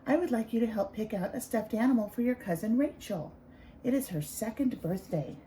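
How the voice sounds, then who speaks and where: A woman voicing a gentle, patient mother in a picture-book read-aloud, speaking in a calm, coaxing way. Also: a little high, brisk, slight background noise, natural voice.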